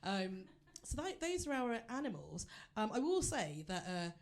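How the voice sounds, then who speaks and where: A woman's voice: a little high, very animated, moderate pace. Chatty woman doing stand-up. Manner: chatty, self-deprecating, addresses the audience directly. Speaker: stand-up comedian. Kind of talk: stand-up comedy set. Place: theatre stage before a live audience.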